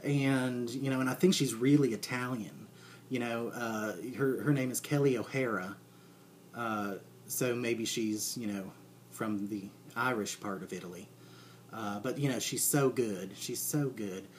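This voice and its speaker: Rambling deadpan man, low voice. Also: slight background noise. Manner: rambling, halting, full of fillers and restarts. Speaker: comedic character monologue. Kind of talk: deadpan comic monologue.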